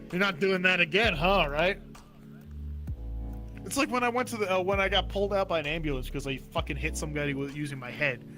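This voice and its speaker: A young man chats casually on a podcast, with a bright, forceful tone and a slightly high pitch. He tells stories with animation, swears freely, and laughs at himself. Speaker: podcast co-host. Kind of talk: casual chat.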